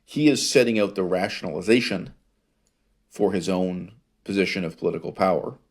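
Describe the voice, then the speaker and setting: A man lecturing on ancient history, reading source passages aloud and commenting on them with wry humor and rhetorical questions. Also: low voice. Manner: wry, laughs at his own source readings; rhetorical questions, drawn-out emphasis.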